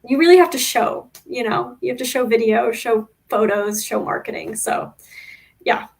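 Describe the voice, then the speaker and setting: Friendly woman racer, higher voice. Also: normal speed, creaky. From United States. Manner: friendly, relaxed, uses fillers like um and so. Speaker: motorcycle racer guest. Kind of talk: casual interview.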